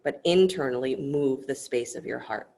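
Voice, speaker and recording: Low, gravelly-voiced woman teaching yoga. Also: normal speed. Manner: soft-spoken, gentle and instructive. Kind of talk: guided yoga class with storytelling. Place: online yoga class.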